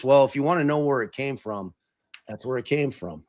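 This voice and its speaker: A man's voice: medium pitch, a little fast. A man hosting a podcast in casual chat, rambling with lots of swearing, fillers and restarts. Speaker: podcast host.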